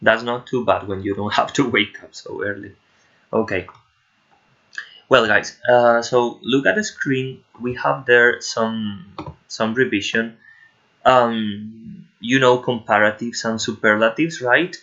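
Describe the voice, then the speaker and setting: A man's voice: mid-range voice, takes it slowly, pushed and bright. A man with a Spanish accent teaching an English grammar lesson to children, patiently checking in with "okay?" after each point. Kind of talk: online lesson explaining grammar to pupils. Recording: muffled lo-fi sound.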